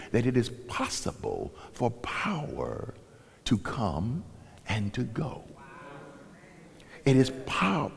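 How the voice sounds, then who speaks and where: A man delivers a sermon with a low, husky, mellow voice that swings widely in pitch. He tells the story with animation and acts out the characters' lines in different voices. His voice carries the long reverb of a large church sanctuary. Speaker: pastor.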